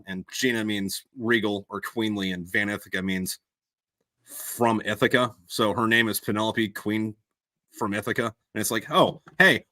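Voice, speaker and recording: In a dry recording, a man with a fairly low, sharp voice hosts a relaxed live stream about books he wrote himself. He wanders from point to point, makes self-deprecating remarks, and fills his speech with fillers and false starts.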